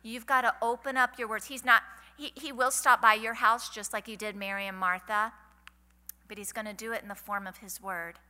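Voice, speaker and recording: Middle-aged woman, folksy sermon, bright higher voice, reverberant hall. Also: fairly even intonation, moderate pace. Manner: chatty, folksy, asks the audience questions. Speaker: conference speaker. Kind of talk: women's conference sermon. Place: large hall. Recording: hall reverb from a live event.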